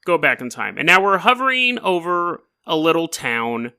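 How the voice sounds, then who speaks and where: Bright, animated male podcast host. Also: fairly high pitch, normal speed, clean tone. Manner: animated, joking and rambling. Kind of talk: casual storytelling podcast.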